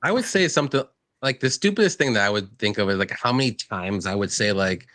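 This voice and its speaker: A man with a bright, crisp tone and a lively, swooping pitch hosts a casual live stream. He reads viewer comments aloud and banters in a playful, giggly way. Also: quick pace. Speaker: stream host.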